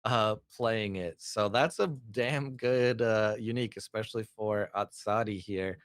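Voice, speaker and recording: A man co-commentating a card game tournament, talking in a halting, easygoing way with many fillers and restarts. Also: lowish voice, steady tone, smooth, dry recording, clean studio sound.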